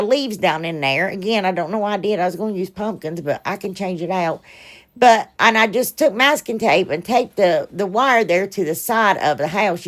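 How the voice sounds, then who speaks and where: Chatty woman crafting on her vlog. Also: mid-range voice. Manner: chatty and rambling, talks to viewers as "y'all"; self-deprecating, laughs at her own mistakes. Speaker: craft channel host. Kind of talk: casual DIY crafting vlog.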